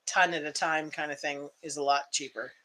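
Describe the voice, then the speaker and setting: A woman's voice: low-pitched, fairly even intonation, normal speed, sharp tone. A woman co-hosting a late-night homestead livestream from home, talking in a friendly, practical way. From Canada. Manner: friendly, practical, wraps up with thanks. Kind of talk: casual late-night live chat.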